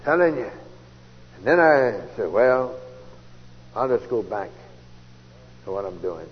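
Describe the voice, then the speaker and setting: A man telling his conversion story as a sermon, folksy and storytelling, jumping from loud outbursts to hushed asides. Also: on the low side, very animated, takes it slowly. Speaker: preacher giving testimony. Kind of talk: testimony sermon. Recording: dull old tape recording in a large hall, faint hiss.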